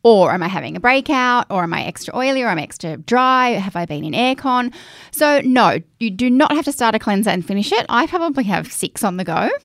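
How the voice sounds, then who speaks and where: A woman's voice: on the high side, expressive, a little fast, fairly bright tone, no room sound. Woman co-host, chatty and practical, dry close sound. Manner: chatty and practical, explains step by step. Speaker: podcast co-host giving skincare advice. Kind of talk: casual chat.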